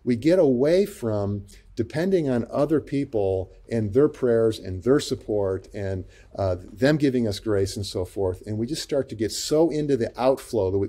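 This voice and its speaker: A man who is a pastor and psychologist, speaking as a guest in a gentle, reflective way with many pauses and fillers. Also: medium pitch, slightly rough. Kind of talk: interview conversation.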